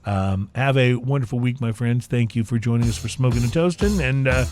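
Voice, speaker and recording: A man hosting a casual whisky-tasting talk show, speaking in a halting way with many fillers and restarts. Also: medium pitch, loud music behind the voice. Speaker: podcast host. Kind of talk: casual chat.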